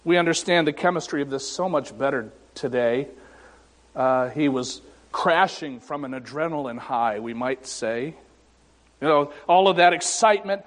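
Slow, high-voiced preacher in an echoey sanctuary. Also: male voice. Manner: slow and deliberate, with dramatic pauses; wry, self-deprecating humor. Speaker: pastor. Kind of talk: sermon. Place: church sanctuary.

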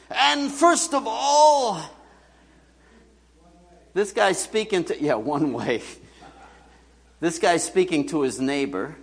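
Male pastor, casual joking sermon, quizzes the congregation, animated pitch, long church reverb. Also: husky. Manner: conversational, joking, asks the congregation questions. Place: church hall.

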